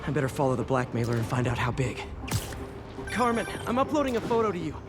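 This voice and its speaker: A man's voice: mid-range voice, big pitch swings, natural voice. An actor playing a young masked superhero who jokes as he works, in a video game. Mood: focused. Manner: quick, wisecracking. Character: young male masked superhero, joking and upbeat. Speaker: game character. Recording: game audio under loud music.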